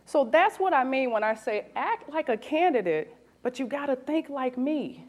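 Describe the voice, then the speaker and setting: Animated woman recruiter in her forties. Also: sits high, moderate pace. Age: 40s. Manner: animated, asks the audience questions. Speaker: recruiter giving a talk. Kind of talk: lively presentation to an audience.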